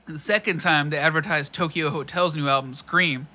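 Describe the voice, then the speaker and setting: A young man with a bright, somewhat high voice tells casual stories among friends. He swears freely and acts out what everyone said along the way. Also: moderate pace. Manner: profane, animated storytelling with quoted asides. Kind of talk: casual chat.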